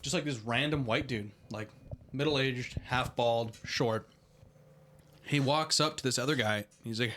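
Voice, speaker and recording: A young man co-hosting a podcast, chatting crudely and laughing through his stories. His voice has a bright, forward tone, with a faint hiss under the recording. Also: mid-range voice, measured pace. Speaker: podcast co-host. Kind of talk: casual chat.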